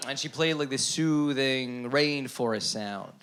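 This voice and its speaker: A man's voice: mid-range voice, measured pace, background noise. A man performing a stand-up comedy set on a club stage before a live audience, talking animatedly and acting out the voices in his stories.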